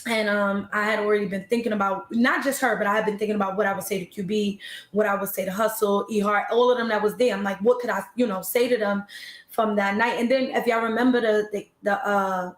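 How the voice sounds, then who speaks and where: A woman's voice: medium pitch, steady tone, quick pace, roomy sound. A woman battle rapper telling her story in a casual interview, laid-back and slangy with lots of fillers.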